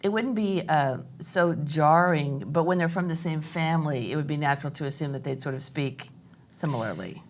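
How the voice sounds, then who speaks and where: A woman's voice: low-pitched, expressive, moderate pace, few pauses, slight background noise. A woman hosting an arts interview, chatty and thinking aloud as she shares her own observations. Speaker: interview host. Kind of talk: conversational interview.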